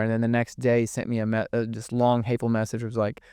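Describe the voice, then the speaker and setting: Young man, podcast guest, earnest, swears freely, monotone, smooth voice. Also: medium pitch, rapid-fire, hardly any pauses, dry recording, clean studio sound. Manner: earnest, swearing freely, repeats words when moved. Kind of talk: candid emotional interview talk.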